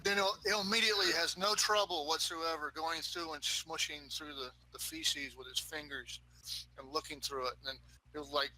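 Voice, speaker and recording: A man's voice: fairly high pitch, steady tone, normal speed, pushed and bright, poor audio. A man playing a tabletop role-playing game, casually describing what his character does. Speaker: player. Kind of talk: tabletop role-play narration.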